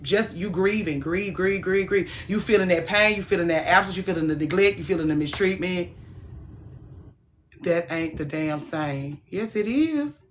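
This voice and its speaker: Frank, animated woman chatting on stream. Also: lowish voice, moderate pace, a little hiss or hum. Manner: frank, animated, swings from soft to loud. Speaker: livestream host. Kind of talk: casual livestream chat.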